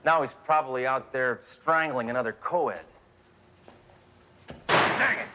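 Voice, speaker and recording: A man's voice: mid-range voice, moderate pace, very noisy, natural voice. An actor playing a brash, trigger-happy male police detective in a sitcom, cocky and blunt. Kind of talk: 1980s sitcom acting.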